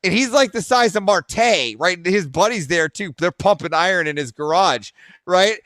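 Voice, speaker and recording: A man's voice: high voice, expressive, moderate pace, no echo. A man telling profane stories in casual chat, rambling and dropping "right?" between lines. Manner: acts out shouted arguments.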